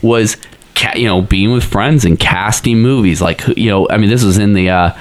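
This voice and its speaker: A man with a lowish voice talks casually on a podcast, circling his points with lots of fillers, restarts and trailing clauses. He sounds relaxed and conversational. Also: normal speed. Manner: rambling, many fillers and restarts. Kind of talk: casual pop-culture chat.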